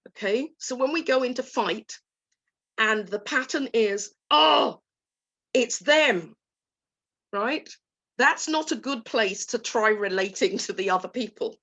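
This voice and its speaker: A woman coach talking gently and soothingly to an online group, voicing soft inner dialogue. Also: on the high side. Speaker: guest coach. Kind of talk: talk to a live online group.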